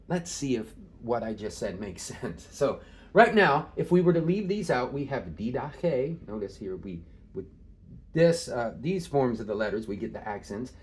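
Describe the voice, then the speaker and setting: Casual male tutor, talks it through with fillers and chuckles, lively intonation. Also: fairly low pitch, slight background noise. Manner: casual, thinking aloud with many fillers and small laughs. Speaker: Greek tutor. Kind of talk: informal screen-share lesson.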